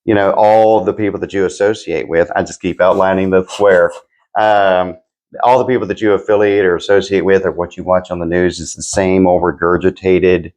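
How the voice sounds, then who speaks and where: Chatty low-voiced man co-hosting. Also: normal speed. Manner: animated, chatty, acts out quoted remarks. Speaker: podcast co-host. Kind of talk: casual chat.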